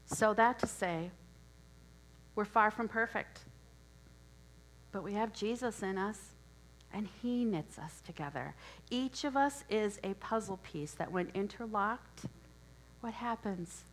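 A woman's voice: medium pitch, animated, takes it slowly, long pauses, a little hiss or hum, poor audio. Woman preaching a chatty sermon. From Wisconsin. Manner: conversational storytelling with asides.

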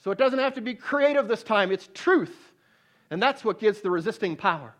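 A man preaching a sermon, swinging between loud emphatic peaks and low hushed storytelling, often repeating words as he restarts. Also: expressive, fairly quick.

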